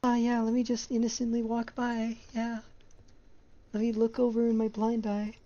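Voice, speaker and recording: A woman's voice: on the high side, completely flat delivery, normal speed, dark tone, muffled recording. A young woman streamer giving live commentary on a horror game, rambling anxiously and exasperatedly about how much she hates what she sees.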